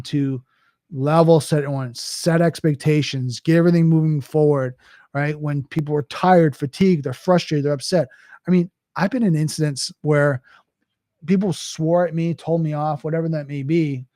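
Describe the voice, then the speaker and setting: A man's voice: a little high, dark tone, dry recording. Dry-voiced man hosting a cyber talk. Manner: conversational with frequent restarts and "right?". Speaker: cybersecurity host. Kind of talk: solo Q&A talk.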